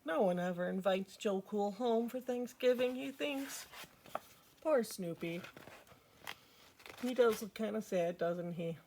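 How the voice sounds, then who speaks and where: A woman's voice: mid-range voice, measured pace, long pauses, darkish tone, slight background noise. A woman reading a picture book aloud to children as a storytime host, with chatty asides to her listeners.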